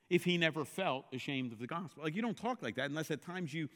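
A man preaching a sermon, animated and building to emphatic, repeated exclamations. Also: fairly high pitch, a little fast, few pauses, big-room sound. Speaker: pastor.

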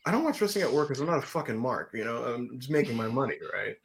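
Animated man telling a story. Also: fast talker, vocal fry, a little hiss or hum. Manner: animated storytelling, swears, gets loud and high when excited. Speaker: podcast host. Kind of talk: casual chat.

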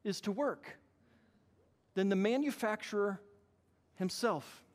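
A man preaching a sermon as pastor, animated and acting out the voices he quotes. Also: sits high, takes it slowly. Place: church hall. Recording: long hall reverb.

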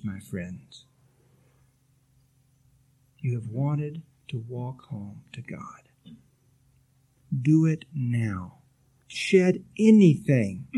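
Mellow-voiced man giving gentle sermon. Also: on the high side. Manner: gentle, exhorting, with light humor. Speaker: spiritual teacher.

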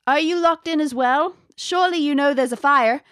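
A woman putting on an earnest, old-fashioned woman scholar from the 1600s, locked in a closet, her voice muffled through a door. She pleads in a formal, slightly high voice and a quaint accent that is half English, half American. The sound is close and dry. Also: moderate pace, a bit bright, no echo. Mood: urgent. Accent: 1600s mix of English and American.

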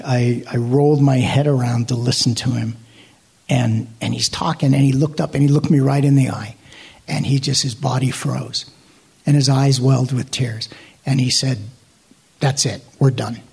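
A man with a husky, slightly breathy voice tells a deeply personal story. He halts, repeats himself and restarts, often letting his voice fall to a hushed near-whisper. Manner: hesitant, halting with many restarts, sinking to hushed near-whispers. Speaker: actor sharing a testimony.

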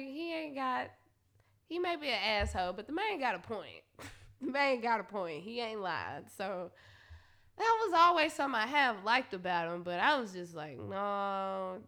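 A woman tells a profane story in a high, animated voice. She talks bright and sharp and breaks into laughter between lines. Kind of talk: candid storytelling monologue.

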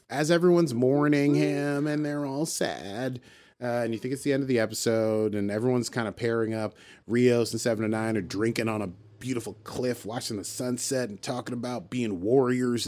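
A man's voice: medium pitch, a little mellow. A man hosting a casual podcast, recapping an episode and acting out the characters' lines as he goes.

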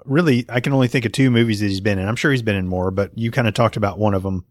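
A man's voice: lowish voice, very fast, no echo, studio quality. A man co-hosting a podcast in casual chat, eagerly retelling movie scenes. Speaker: podcast co-host.

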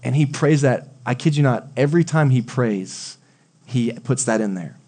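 Young male pastor, casual storytelling sermon, mid-pitched voice. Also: animated, normal speed, darkish tone. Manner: conversational storytelling with asides to the congregation.

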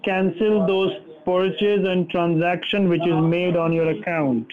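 A man's voice: high voice, fairly even intonation, unhurried, crowd noise. A man working as a phone scammer, persistently repeating scripted instructions. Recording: tinny phone line.

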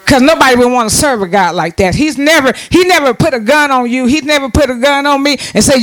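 A man preaching a sermon, calling out to the congregation for responses and rising into shouts. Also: very high voice, expressive, brisk, few pauses.

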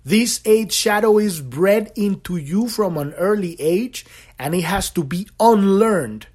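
Impassioned male podcast host, lively pitch. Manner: impassioned, repetitive, swears freely. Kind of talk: solo spiritual podcast talk.

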